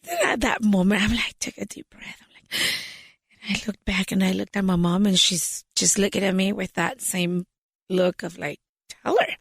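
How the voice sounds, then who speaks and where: Animated woman. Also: mid-range voice, moderate pace, gravelly, breathy edge, no room sound, clean studio sound. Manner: animated storyteller, switches into Spanish phrases. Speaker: podcast guest, business founder. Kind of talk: storytelling in an interview.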